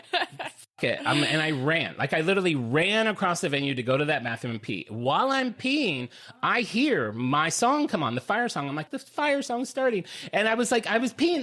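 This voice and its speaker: A man co-hosting a podcast, telling a long story in casual chat and acting out what people said. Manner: animated, acts out quotes with big pitch jumps. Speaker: podcast co-host.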